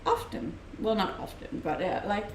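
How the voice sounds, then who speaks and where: A woman's voice: mid-range voice, lively intonation, moderate pace. Young woman, Danish accent, casual stream chat, roomy echo, faint hum behind. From Denmark. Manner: chatty, reads chat questions aloud and answers, laughs often. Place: room at home, streaming. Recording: roomy home-mic sound.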